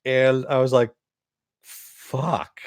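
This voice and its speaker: A man's voice: lowish voice, a little slow, dry recording. A man giving a rambling, casual spoken recap of a TV episode, full of "uh" and "you know" and offhand swearing. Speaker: TV episode reviewer.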